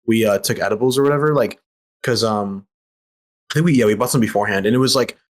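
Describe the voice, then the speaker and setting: A man's voice: lowish voice, fast. A young man telling a story as a guest on a casual podcast, rambling with lots of filler words and slang.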